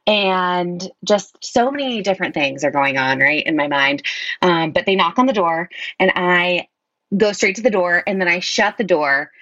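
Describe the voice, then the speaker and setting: A woman telling a personal story in casual conversation, animated, acting out quotes with many fillers and frequent laughs. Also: on the low side, moderate pace, no room sound, muffled recording. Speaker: guest telling her story.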